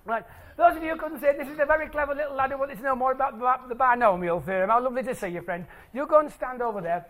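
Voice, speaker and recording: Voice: high voice, very fast, a bit bright. A stage presenter doing maths tricks live for an audience in a hall, playful and jokey as they draw the crowd in.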